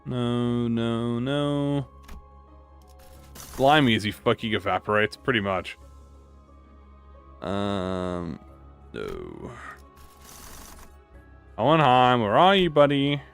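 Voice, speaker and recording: A young man giving casual let's-play commentary, excitable and slangy, swearing freely as he thinks out loud. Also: medium pitch, takes it slowly, creaky, pauses often. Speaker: gaming YouTuber. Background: faint game music.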